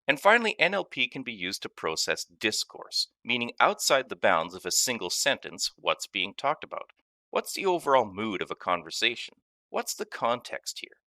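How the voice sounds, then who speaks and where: Guy teaching a tech course, really bright voice, bouncy emphatic delivery, dry close mic. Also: on the low side, no room sound. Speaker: course instructor. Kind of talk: scripted tech lesson narration.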